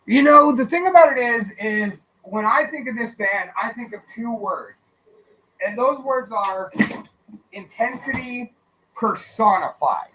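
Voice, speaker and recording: A man co-hosting a radio show, chatting casually and telling animated, profane stories while acting out the people in them. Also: extremely high pitch, unhurried, a little hiss or hum, rough recording. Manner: animated, profane, acts out quoted voices. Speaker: co-host and musician. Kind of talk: casual radio chat, storytelling.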